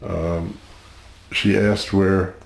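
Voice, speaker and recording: An older man tells his family's history in a very deep voice with a gravelly, creaky edge. He speaks slowly and haltingly, pausing often and filling gaps with "uh" and "um". The room around him adds a noticeable echo. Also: little pitch movement. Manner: halting, measured, many pauses and fillers. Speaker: interview guest. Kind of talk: recounting family history in an interview.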